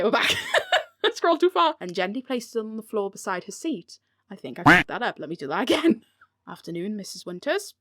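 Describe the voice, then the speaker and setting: With a medium-pitched, slightly bright voice, a British woman narrates her own novel on a home recording mic. The audiobook take is full of bloopers, as she keeps dissolving into giggles and swearing at her errors.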